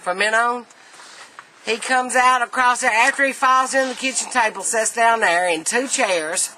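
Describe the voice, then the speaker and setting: A woman's voice: a little high, normal speed, sharp tone, slight background noise, low-quality recording. A middle-aged woman telling a family story casually, laughing often.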